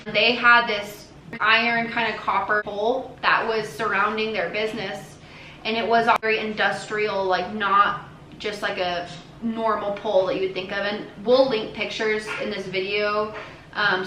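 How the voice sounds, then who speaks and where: A woman's voice: on the high side, pushed and bright, slight background noise. A young woman vlogger telling a personal story to her viewers in a casual, earnest way, full of fillers and restarts. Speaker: family vlogger. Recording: echoey room with faint ambience.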